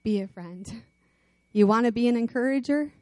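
Her voice on the high side and her pace moderate, a woman gives a sermon with no echo. Energetic storytelling and rallying calls lead up to a closing prayer.

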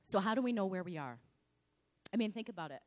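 A slightly hoarse woman pastor giving a sermon in a dramatic, animated storytelling manner. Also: medium pitch, fast.

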